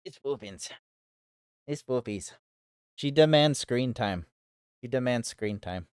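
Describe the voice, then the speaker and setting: A man's voice: mid-range voice, expressive, slow, clean tone, dry recording, clean studio sound. A man chatting casually on a game live stream, talking to viewers and his pets. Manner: chatty, talks to viewers and pets, laughs often. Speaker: gaming streamer. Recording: faint guitar music behind.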